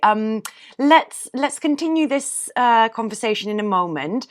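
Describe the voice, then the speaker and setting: A woman radio host interviewing a guest, admiring and hesitant, with many soft fillers. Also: a little high, expressive, measured pace.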